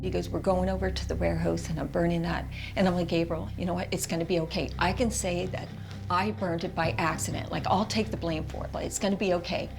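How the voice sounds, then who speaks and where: A middle-aged woman from Canada giving a halting interview testimony, repeating words and quoting her own thoughts. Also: lowish voice, fairly even intonation, vocal fry, music in the background. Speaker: interviewee recounting her experience.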